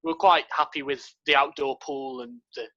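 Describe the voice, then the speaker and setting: A man's voice: medium pitch, fairly even intonation, a little fast, sharp tone, dull audio. A man co-hosting a podcast, blunt and sweary, joking around with his friends. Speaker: podcast co-host. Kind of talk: casual podcast banter.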